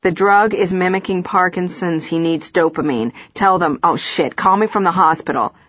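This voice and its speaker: A man's voice: sits high, normal speed, no echo, dull audio. A woman reading an audiobook voices a tall, gaunt man who speaks earnestly and apologetically. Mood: urgent. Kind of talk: audiobook character voice.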